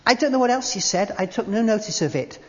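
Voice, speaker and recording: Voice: medium pitch, quick pace. Preacher, sermon, storytelling, long church echo, muffled lo-fi sound. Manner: storytelling, animated then quiet and intimate. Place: church service.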